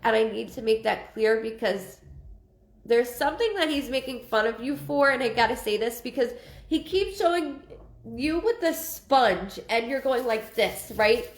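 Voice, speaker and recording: A woman medium gives a live reading in a rambling, repetitive way, full of ums. Her voice sits a bit high. The room around her is echoey. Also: lively intonation, moderate pace. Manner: rambling, repeats phrases, many ums. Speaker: psychic medium.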